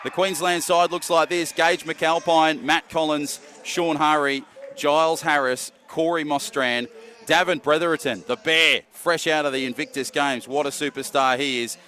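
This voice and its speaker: A man calling a wheelchair rugby league match, naming players and building excitement as play unfolds. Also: on the high side, unhurried. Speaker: play-by-play commentator. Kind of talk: live sports commentary.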